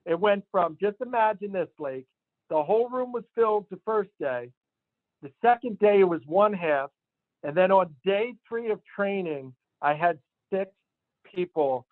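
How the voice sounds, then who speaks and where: Male sales manager, emphatic motivational storyteller, slightly high pitch, dry and tinny audio. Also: no room sound. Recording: tinny phone-line sound, dry.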